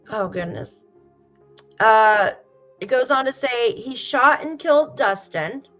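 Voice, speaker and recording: A woman's voice: fairly high pitch, highs cut off. A woman hosting a true crime live stream, talking casually and emotionally with sympathy while reading viewer comments. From United States. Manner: emotional, sympathetic, softly exclaiming. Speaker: true crime show host.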